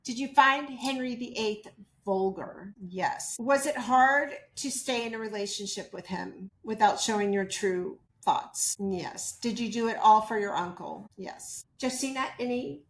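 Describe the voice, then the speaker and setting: A woman's voice: a little high, measured pace, hardly any pauses, roomy sound. A woman running a casual tarot channeling session, asking spirits questions and reporting their answers. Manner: chatty, asks questions then reports answers.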